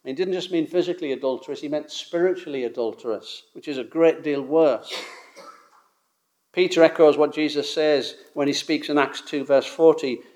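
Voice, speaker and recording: Male preacher, sermon delivery, emphatic listing, light-pitched voice. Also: normal speed, darkish tone. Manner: emphatic, builds points in repeated lists.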